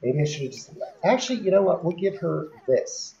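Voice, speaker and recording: A woman with a low, mellow voice that swings widely in pitch as she gives casual gameplay commentary. She chats away and laughs often, talking straight to the characters on screen. The sound is a bit dull and lo-fi. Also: lively intonation, fairly quick.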